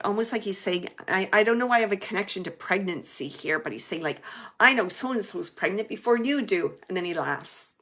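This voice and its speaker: A woman medium giving a live reading to an audience, relaying messages in a chatty way with many fillers and sometimes dropping to a soft hush. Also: fairly low pitch. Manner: drops to a soft hush at times.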